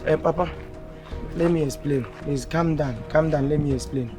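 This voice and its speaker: An excitable Nigerian man, as an actor plays him, fairly high voiced, bouncing between English, Pidgin and Igbo. Music plays clearly beneath him. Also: normal speed, close to an everyday voice. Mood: excited. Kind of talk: Nollywood film acting. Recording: film audio with music under.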